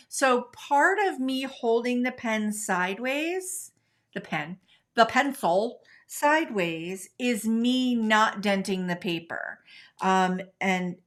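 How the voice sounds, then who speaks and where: A woman's voice: fairly high pitch, a bit bright. A middle-aged woman from the United States hosting a live craft tutorial, chatting casually with viewers as she demonstrates. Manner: chatty, talks to viewers while coloring.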